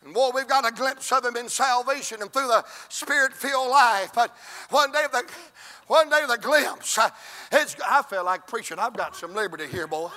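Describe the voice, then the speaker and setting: A man preaching, his voice pitched very high and ringing bright. He drives his sermon with shouted, repeated calls. The delivery rolls in rhythmic runs. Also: moderate pace.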